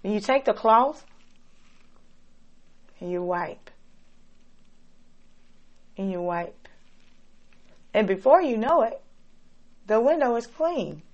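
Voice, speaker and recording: A woman preaching a sermon, slow and dramatic, swinging between loud emphatic lines and soft, hushed ones. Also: a little high, animated, muffled recording.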